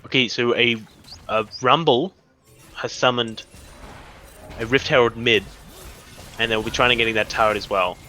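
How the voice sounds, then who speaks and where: A young man commentating a live esports match, excitable and rambling, often tripping over his words. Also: mid-range voice, moderate pace, pauses often, faint music behind. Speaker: esports caster.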